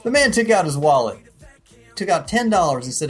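A man co-hosting a comedy podcast, telling a joke in a dry, deliberate way. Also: a little high, sing-song, husky, faint music behind. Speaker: podcast co-host.

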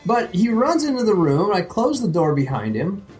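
A man co-hosting a casual podcast, his pitch swinging widely as he tells a story. He talks in an animated, profane way and often laughs at his own tale. Faint music sits under the voice. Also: moderate pace. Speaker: podcast co-host.

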